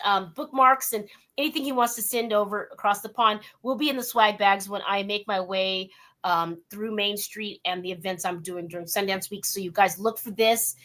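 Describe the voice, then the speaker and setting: A woman's voice: mid-range voice, pushed and bright. A woman hosting a radio interview from her home work den over a video call, gushing and upbeat, chatty with plenty of fillers. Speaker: talk show host.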